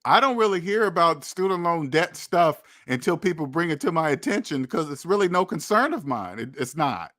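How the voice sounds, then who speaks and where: A man's voice: fairly high pitch, big pitch swings, fairly quick, few pauses, fairly bright tone. A young adult man hosting a personal finance channel, lecturing his viewers bluntly and repetitively in a preachy, scolding manner.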